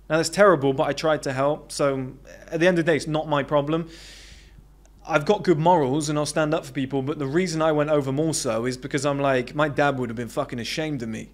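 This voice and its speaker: A British man delivers an off-the-cuff motivational monologue as a self-improvement coach. He is blunt and emphatic and swears freely. His voice sits a touch above the usual male range. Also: fairly high pitch.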